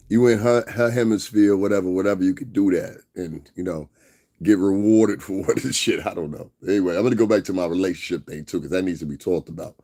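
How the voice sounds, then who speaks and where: Man, somewhat low voice, profane rambling livestream rant, drawn-out emphasis. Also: warm tone. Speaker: livestream host.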